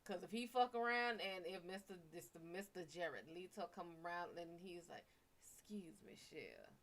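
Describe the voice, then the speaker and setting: A woman's voice: lowish voice, normal speed, a bit bright. A woman with a Cajun-tinged accent, chatting casually on a livestream as a psychic reader, rambling and profane with laughing asides.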